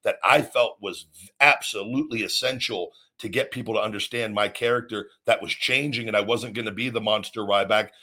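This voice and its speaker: Earnest low-voiced man, rambling motivation. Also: fairly quick, sharp tone. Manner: rambling, earnest, many restarts. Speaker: podcast host, former wrestler. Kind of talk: motivational podcast talk.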